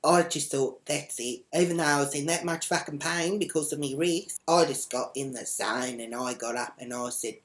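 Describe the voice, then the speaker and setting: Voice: medium pitch, normal speed, few pauses, lightly acted. A comedian playing a brash, foul-mouthed woman who rambles and swears bluntly in a comedic character vlog.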